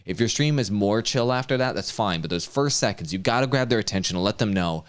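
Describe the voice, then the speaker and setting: A man coaching streamers in a casual chat, energetic and quick to act out hyped examples. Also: on the low side, clean tone.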